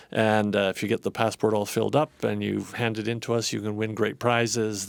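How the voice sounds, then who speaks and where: A man's voice: fairly low pitch, vocal fry, dry recording. A man appearing as a radio guest, explaining things in an easygoing, joking, rambling way. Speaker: cycling group guest. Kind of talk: casual radio guest talk.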